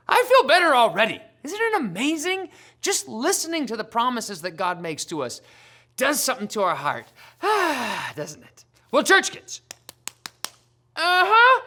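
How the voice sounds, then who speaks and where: A woman hosting a children's church show, telling a Bible lesson in a playful, animated storytelling manner. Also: high voice, moderate pace. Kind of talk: lively kids' Bible lesson.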